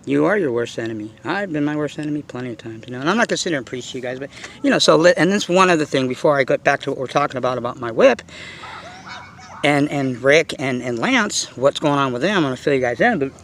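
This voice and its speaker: Outdoors, a middle-aged RC car hobbyist vlogger rants casually about his hobby in a fast, mid-range voice with lively intonation and a slightly bright tone. He's blunt and profane, rambling with plenty of fillers, and there's a little background noise.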